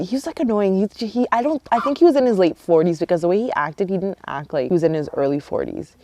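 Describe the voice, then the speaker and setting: A young woman from Canada vlogging outdoors, chatty and animated, telling a storytime with lots of quoted dialogue. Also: on the low side, quick pace, no room sound. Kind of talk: casual storytime vlog. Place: outdoors near a yard with roosters and hens. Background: roosters and hens.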